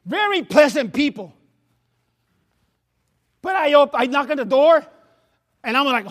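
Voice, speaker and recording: High-voiced Spanish-accented man preaching. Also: very animated, unhurried, pauses often, a bit bright. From Latin America. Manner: repeats words and restarts, laughs at himself, storytelling. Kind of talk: sermon. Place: church sanctuary.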